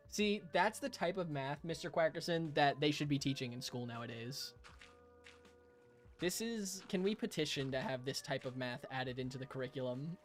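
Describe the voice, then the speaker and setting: A man's voice: a little high, animated, unhurried, pushed and bright, soft background music. A young man streaming a game, chatting casually with his live chat, playful, rambling and laughing often.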